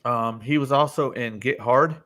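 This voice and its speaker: A man at a home computer mic runs a casual live-stream panel. His voice sits at an ordinary middle pitch, and he talks loosely, swearing freely and passing the turn from one panelist to the next. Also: normal speed, a bit bright.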